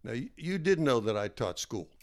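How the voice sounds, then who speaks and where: A man's voice: medium pitch, very animated, moderate pace, a little mellow. Man chiming in with wry remarks. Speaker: podcast co-host. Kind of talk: casual chat.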